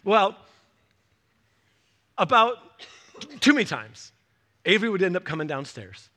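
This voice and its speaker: A man in his forties preaching a sermon as a pastor, telling animated stories and acting out the voices of people in them. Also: sits high, measured pace.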